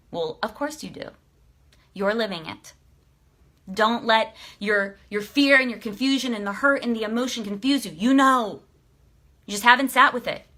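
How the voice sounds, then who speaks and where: A woman life coach talking on a live stream, emotional and excitable, swearing freely as she fires coaching questions at her viewers. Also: on the high side, normal speed. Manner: emphatic, coaching questions to the audience. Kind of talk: motivational live stream talk.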